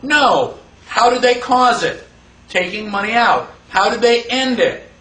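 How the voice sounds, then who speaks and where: A man teaching a class in a lively lecture, asking the room questions and acting out the people he quotes. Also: very high voice, unhurried. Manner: animated, rhetorical questions, acts out quoted voices. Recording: echoey room, voice from far off.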